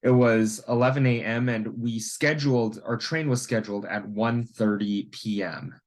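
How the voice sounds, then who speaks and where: A young man from Canada recounts a story in a loose, chatty way. He wanders through his sentences and leans on filler words. His voice sits at an everyday middle pitch. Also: steady tone, moderate pace. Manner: rambling, heavy with fillers. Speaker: vlogger. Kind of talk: casual storytelling.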